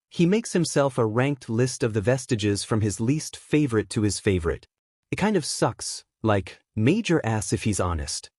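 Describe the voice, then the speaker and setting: A man reading a fan fiction story aloud, keeping a steady, even storytelling pace. His voice sits at an average male pitch and comes across dry and close, with no room sound around it. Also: no echo. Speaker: narrator.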